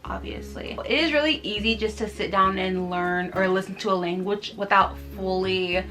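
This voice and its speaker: A woman's voice: mid-range voice, moderate pace, bright, forceful tone, faint music behind. A woman in her twenties with a Californian accent, chatting casually to camera about learning a language, giggly and self-mocking. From United States. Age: 20s.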